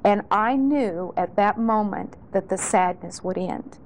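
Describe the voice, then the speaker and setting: A woman's voice: medium pitch, a little slow, a little mellow, a little hiss or hum, low-quality recording. A middle-aged woman giving an earnest, heartfelt spoken testimony in a sermon, often restarting her phrases. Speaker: speaker sharing testimony.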